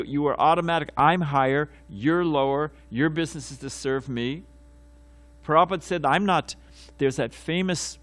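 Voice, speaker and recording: A man, a swami, giving a devotional morning class, telling stories with many fillers and self-corrections and acting out quotes with sudden loud bursts. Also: medium pitch. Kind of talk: devotional class lecture with storytelling. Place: temple class room.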